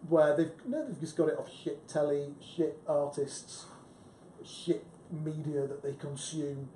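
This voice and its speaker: A man's voice: unhurried, dark tone. A man, a book club panelist, chatting emphatically about sales with frequent restarts. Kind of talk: casual discussion. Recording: echoey room with faint rumble.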